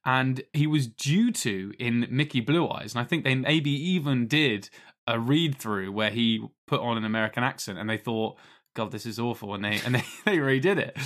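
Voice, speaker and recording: A man co-hosting a casual film chat, animated and rambling, laughing often. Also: mid-range voice. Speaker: podcast co-host.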